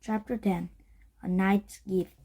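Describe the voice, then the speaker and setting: A woman reading a children's chapter book aloud, slowly and carefully, with slips she corrects. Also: medium pitch, steady tone, warm tone, husky.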